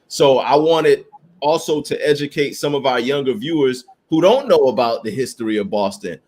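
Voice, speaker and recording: A man hosting a casual sports podcast, speaking in a measured, explanatory way. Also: mid-range voice, a little mellow. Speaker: podcast host.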